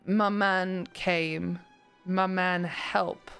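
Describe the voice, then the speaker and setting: A woman voicing a small, frightened wolf cub boy who speaks in slow, broken, halting words. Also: on the low side, level tone, a bit bright, soft background music, exaggerated voice. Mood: timid.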